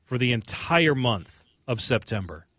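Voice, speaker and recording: A man's voice: mid-range voice, sing-song, a little slow, fairly bright tone, no room sound. A man, a radio producer chatting on air, hesitant with many fillers. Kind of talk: casual radio chat. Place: radio studio.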